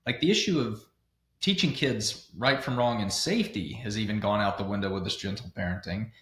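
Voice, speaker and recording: A blunt, opinionated man co-hosts a podcast and lays out his views plainly. His voice sits a little on the low side. The recording has a roomy echo around it. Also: brisk, fairly bright tone. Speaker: podcast co-host. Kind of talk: conversational podcast discussion.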